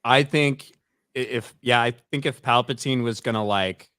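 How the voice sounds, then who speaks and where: A man's voice: mid-range voice, moderate pace, fairly bright tone, clean tone, no room sound, clean studio sound. A man co-hosting a livestream chat, talking in a hesitant, rambling way with many restarts. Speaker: co-host.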